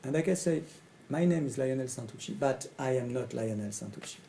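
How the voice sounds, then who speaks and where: Middle-aged french guy, coach, gravelly mellow voice, slow and halting, repeats himself a lot. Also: mid-range voice, animated, slight background noise, rough recording. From France. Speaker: coach and facilitator. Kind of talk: speaking to camera about his training.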